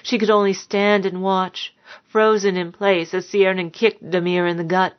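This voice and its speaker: A woman narrating a dark story in a measured, somber way, on a dull lo-fi recording. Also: medium pitch, flat delivery. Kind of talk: audiobook narration.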